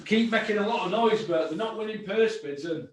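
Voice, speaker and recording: A man's voice: high voice, fairly quick, a little hiss or hum. A man hosting a boxing podcast, blunt and sweary, ranting about fights. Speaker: host. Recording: very echoey room, distant mic.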